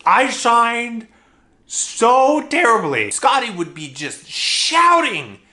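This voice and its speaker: A man's voice: very high voice, big pitch swings, slow, bright, forceful tone. A young man telling a comedic childhood story in a vlog, exaggerating and laughing at his own jokes.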